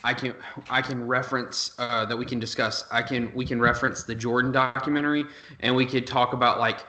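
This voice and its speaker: A man co-hosting a gaming podcast, chatting casually in a relaxed, rambling way. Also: mid-range voice, fairly quick. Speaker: podcast co-host. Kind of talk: casual chat. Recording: echoey room.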